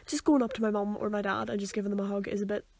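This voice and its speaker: A woman's voice: medium pitch, flat delivery, very fast, vocal fry, darkish tone, dry recording. A young woman, co-hosting a casual podcast, talking hesitantly with many restarts. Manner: hesitant, full of likes and restarts. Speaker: podcast co-host. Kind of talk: casual chat.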